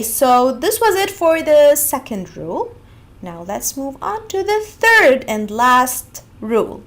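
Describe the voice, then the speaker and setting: A woman from Egypt teaching an online language lesson, patiently repeating example words slowly and clearly. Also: high-pitched.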